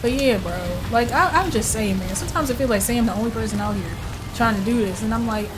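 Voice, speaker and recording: A young woman giving gameplay commentary, excitable and slangy, quick to exclaim and get frustrated. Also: on the high side, noisy background. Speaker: gaming streamer. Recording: loud game audio behind. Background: vehicle and ambient game sounds.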